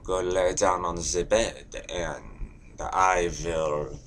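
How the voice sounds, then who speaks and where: Male comic doing a menacing German seducer, mock accent, slow. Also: deep voice, fairly even intonation, fairly bright tone, slight background noise, full character voice. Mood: leering. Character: menacing German man with a leering tone.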